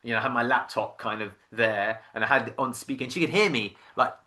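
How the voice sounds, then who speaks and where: A man in his thirties, a podcast guest telling his career story in a casual, animated way, acting out voices and often restarting sentences. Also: medium pitch, fairly quick. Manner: animated storyteller who acts out quoted voices, many restarts.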